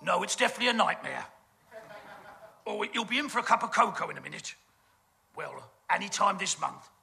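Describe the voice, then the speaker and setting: A man's voice: high-pitched, big pitch swings, a little fast, gravelly, bright, forceful tone, a little hiss or hum. A man with a British accent doing a camp, gossipy stage comedy monologue full of innuendo. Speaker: comic performer.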